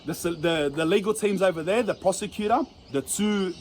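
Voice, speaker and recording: A man's voice: high voice, a little fast, a little mellow, slight background noise. A man with an Australian accent telling a rambling, profane story in casual slang and laughing at himself. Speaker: storyteller in an interview clip.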